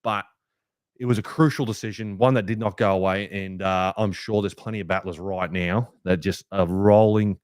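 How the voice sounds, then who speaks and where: A young Australian man hosting a fan podcast, ranting heatedly with plenty of swearing, a little rough from a hangover. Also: low-pitched, normal speed, no room sound, studio quality. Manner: heated, sweary rant with lively swings. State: hungover, rough voice. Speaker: podcast host. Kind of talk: fan podcast match review.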